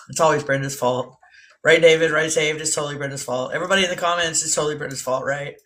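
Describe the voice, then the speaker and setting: A woman's voice: deep voice, steady tone, quick pace, a bit bright. A woman, hosting a casual live stream while drinking, playful and teasing with lots of laughter. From East Texas. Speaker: livestream host.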